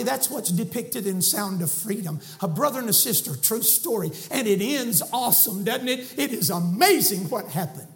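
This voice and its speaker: A Southern preacher, a man, delivers a fiery sermon from the pulpit. His voice sits unusually high, and he swings from shouts down to near-hushed lines. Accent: Southern American. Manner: fiery, shouting preacher with sudden soft drops. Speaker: guest preacher. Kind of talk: impassioned sermon. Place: church sanctuary.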